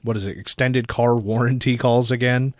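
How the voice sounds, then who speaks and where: A man's voice: medium pitch, fairly even intonation, normal speed, no room sound, studio quality. Laid-back male podcast co-host. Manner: laid-back storytelling, casual swearing. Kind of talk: casual chat.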